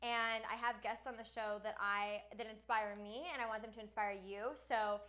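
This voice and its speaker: A woman's voice: a little high, flat delivery, moderate pace, pushed and bright. A young woman hosting a casual podcast chat, playful and teasing, with casual swearing. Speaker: podcast host.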